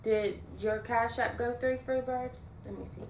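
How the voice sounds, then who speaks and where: A woman's voice: a little high, fairly even intonation, measured pace, a little hiss or hum. A young adult woman livestreaming, chatting casually and venting bluntly while she swears freely and thanks viewers. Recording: roomy echo.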